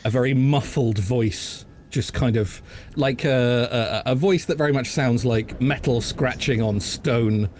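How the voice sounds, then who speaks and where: A British man narrating as game master of a tabletop game, unhurried and halting, with many fillers. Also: mid-range voice, a little mellow, a little hiss or hum.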